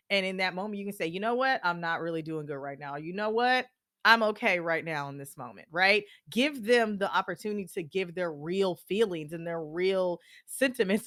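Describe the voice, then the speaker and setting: A woman hosting a podcast, giving candid, animated advice and acting out everyday exchanges. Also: mid-range voice, no echo, studio quality. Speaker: podcast host. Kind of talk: casual advice talk.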